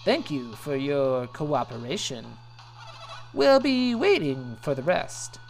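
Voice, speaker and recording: A woman voicing a suave, scheming villain from a video game, slow and mock-courteous. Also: extremely low pitch, sing-song, darkish tone, faint music behind, exaggerated voice. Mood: smug.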